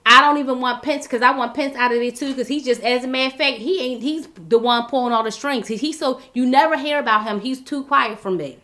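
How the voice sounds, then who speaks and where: Woman host, fairly high bright voice, blunt off-the-cuff commentary, stumbles and repeats herself. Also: quick pace, hardly any pauses. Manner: blunt, exasperated, many restarts and repeated words. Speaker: vlog host. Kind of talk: casual political commentary.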